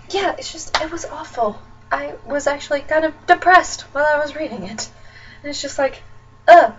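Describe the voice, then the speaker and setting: High-voiced young woman ranting about books. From Nebraska, USA. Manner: chatty, ranting, lots of fillers. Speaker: book vlogger. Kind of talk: casual chat. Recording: distant dull webcam audio with faint noise.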